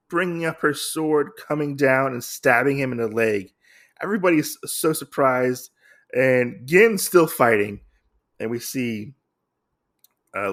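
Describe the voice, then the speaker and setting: Gravelly podcast guy rambling through a comic recap, lots of you-knows. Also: mid-range voice, fairly bright tone. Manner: rambling, filler-heavy retelling. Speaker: podcast host.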